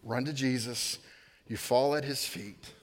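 A man preaching a sermon, building to loud emphatic peaks and then dropping to a near hush. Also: mid-range voice, fairly even intonation, unhurried. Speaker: pastor.

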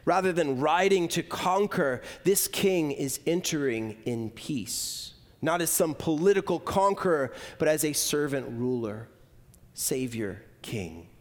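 High-voiced man preaching with dramatic swings. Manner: dramatic swings between loud emphasis and hushed, slow lines; rhythmic, list-like repetition. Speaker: pastor. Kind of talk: sermon.

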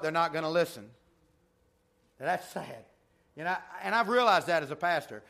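Man, pastor, revival sermon, emphatic, slightly high voice, church sanctuary. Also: lively intonation, normal speed, gravelly, pauses often, pushed and bright. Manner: emphatic preaching with rising and falling intensity.

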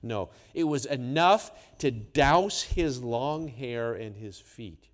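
A man preaching a sermon, swinging between hushed, quiet lines and loud, emphatic ones. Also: medium pitch, animated, slow pace. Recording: long hall reverb.

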